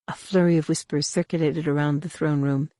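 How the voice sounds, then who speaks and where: A woman's voice: low-pitched, steady tone, brisk, warm tone, no echo, studio quality. A woman narrating a science-fiction audiobook dramatically, voicing the characters. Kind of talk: scripted narration.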